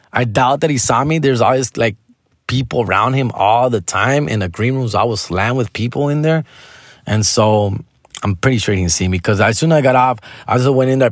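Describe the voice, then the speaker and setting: A man's voice: mid-range voice, no room sound, clean studio sound. A male stand-up comedian telling a story casually, full of slang and swearing. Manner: slangy and profane, calls listeners "fool" and "dog".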